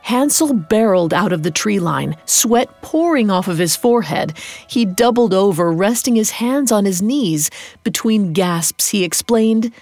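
Female host-narrator, steady dramatic storytelling read, soft music underneath. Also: mid-range voice, dry recording. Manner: measured dramatic reading.

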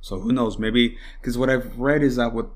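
A man's voice: mid-range voice, fairly even intonation, normal speed. Heated rambling young man ranting. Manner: heated and rambling, swears often, many fillers; mocks opponents in put-on voices. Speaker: podcast host. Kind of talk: casual political commentary.

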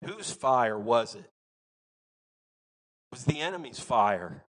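A man with a Southern American accent preaching a sermon as pastor, folksy and emphatic, swinging between loud bursts and quiet asides. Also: medium pitch, big pitch swings, very slow, low-quality recording.

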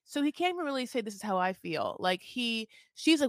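A woman co-hosting a casual recap podcast, gossipy and crude, acting out quotes with animated swings. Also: fairly high pitch, brisk, no echo, clean studio sound. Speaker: podcast co-host.

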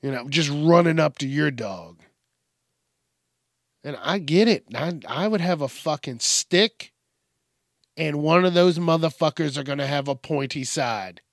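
A man hosting a podcast, ranting casually with lots of swearing and bursts of shouted acted-out bits. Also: on the high side, animated, a little slow, dry recording, clean studio sound. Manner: profane, rambling, acts out bits in shouted voices. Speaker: podcast host. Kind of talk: casual comedic rant.

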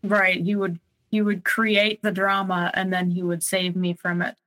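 Woman recounting her past, halting. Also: lowish voice, little pitch movement, a bit bright, low-quality recording. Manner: halting, many fillers and restarts. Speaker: guest sharing her story. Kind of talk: personal testimony interview.

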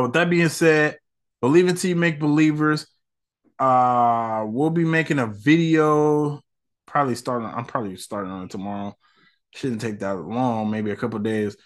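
A man's voice: mid-range voice, a bit bright. A man hosting a casual solo podcast, talking in slangy, ranting commentary. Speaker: podcast host.

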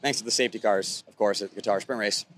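A young man excitedly recapping a race as a vlog host, filmed outdoors at a racetrack. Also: on the low side, quick pace. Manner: excitable, animated fan talk.

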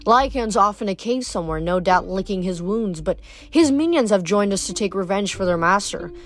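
A woman reading a book aloud, voicing a cold, scheming female snow goddess in an unhurried, purring way. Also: medium pitch, lively intonation, lightly acted. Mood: silky, scheming. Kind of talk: read-aloud book narration.

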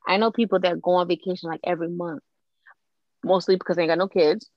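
A young woman co-hosting a podcast, talking in animated, blunt and teasing casual chat. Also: on the low side, fast talker, no room sound, highs cut off. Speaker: podcast co-host.

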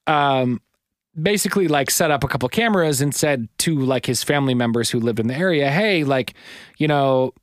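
A man's voice: medium pitch, fairly quick, dry recording, clean studio sound. A man co-hosting a podcast in casual chat, rambling with lots of fillers and retelling stories. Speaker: podcast co-host.

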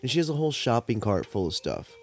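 A man's voice: medium pitch, huge pitch swings, fast, faint music behind. Laid-back, rambling young man. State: cotton mouth, high. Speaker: podcast host. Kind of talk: casual storytelling monologue.

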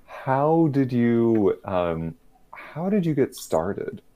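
A man's voice: mid-range voice, very animated, extremely slow, muffled recording. A man hosting a podcast over a remote call, talking casually with laughs and fillers. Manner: giggly, rambling, fillers. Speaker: podcast host. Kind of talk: casual online show chat. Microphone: remote call mic.

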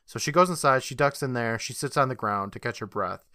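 A man co-hosting a podcast, recapping a TV episode in casual, animated chat and laughing often. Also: mid-range voice, fairly quick, dry recording, clean studio sound. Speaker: podcast co-host.

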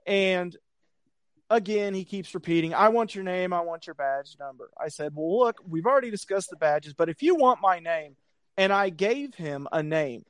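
A man's voice: high voice, moderate pace, no room sound, clean studio sound. A man telling a work story in casual chat, acting out the quotes with lots of swearing. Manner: animated, acts out quotes, profane. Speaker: storyteller, security guard.

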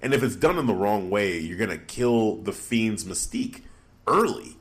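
A young man co-hosting a casual podcast, animated and quick to exclaim in disbelief. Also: fairly low pitch. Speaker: podcast co-host. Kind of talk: casual wrestling podcast chat.

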